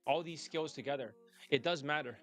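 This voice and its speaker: A man's voice: on the high side, a little fast, a bit bright, soft background music. Boastful male coach cutting in. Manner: boastful, cutting in to add claims. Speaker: dating coach. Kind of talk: casual interjection.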